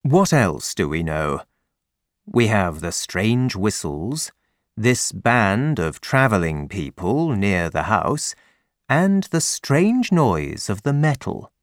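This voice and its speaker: A man reading an audiobook, voicing a calm, clever detective with a measured, dryly ironic manner. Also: fairly low pitch, no echo, studio quality, pitched below the performer's own voice.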